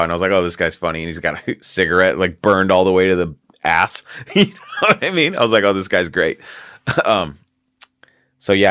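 A man's voice: deep voice, fairly bright tone, no echo, clean studio sound. A man hosting a casual podcast, telling a long story in a rambling way and laughing often. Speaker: podcast host.

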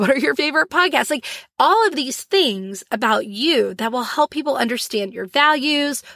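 Female podcast host, high voice, animated and chatty, dry studio sound. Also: dry recording. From Florida, US. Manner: animated, laughing, acts out little scenes. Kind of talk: solo podcast talk.

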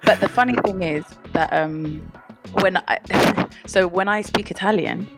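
A woman musician, interviewed over a remote call from London, chats casually, often cutting herself off and laughing. Her medium-pitched voice is unhurried and heard over music.

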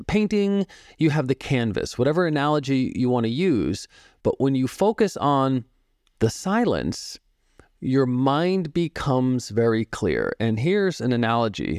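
A man in his fifties, a podcast guest, telling stories about music and meditation in a calm, reflective way and explaining through analogies. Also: mid-range voice, no room sound, studio quality. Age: 50s. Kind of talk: storytelling interview talk.

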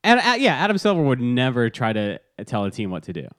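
A man's voice: medium pitch, huge pitch swings, fast talker, fairly bright tone, dry recording. A man co-hosting a podcast in casual chat, who rambles, laughs often and loses his words mid-sentence. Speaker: podcast co-host. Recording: dry close mic.

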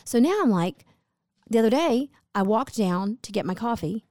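A woman's voice: fairly high pitch, expressive, normal speed, mellow, no echo, clean studio sound. A middle-aged woman chatting with her husband, rambling through a story in a chatty way. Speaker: co-host, host's wife. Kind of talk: casual chat.

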